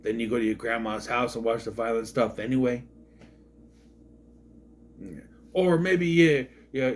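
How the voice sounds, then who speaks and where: A man's voice: mid-range voice, slight background noise. A man, a father, reviewing a movie in a rambling, sarcastic, casual monologue, often repeating himself.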